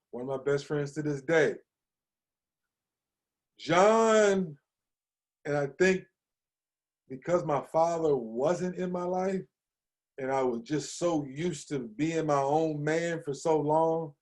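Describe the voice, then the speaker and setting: A man in his fifties from Maryland sits in as a podcast guest and tells his story with energy and plenty of slang. His voice sits a little high for a man. He often slips into quick impressions of the people he quotes. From Hagerstown, Maryland, USA. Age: 50s. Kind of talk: conversational storytelling.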